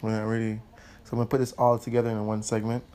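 A man telling a heated personal story in casual chat, animated, laughing and swearing as he goes. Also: lowish voice, very fast. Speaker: host.

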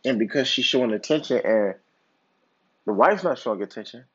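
A man's voice: medium pitch, expressive, fairly quick, a bit bright, breathy edge. A man hosting a podcast, telling a long hypothetical story in a casual, rambling way with lots of filler words and restarts. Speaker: podcast host. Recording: dull lo-fi recording.

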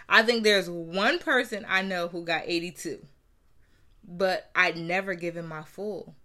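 A woman in her thirties from New Jersey speaks in a personal, reflective talk. Her voice is bright and forceful but sits fairly low, and she leans on repeated phrases to drive her point home, earnest and candid throughout. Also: steady tone, unhurried. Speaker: mother sharing her story.

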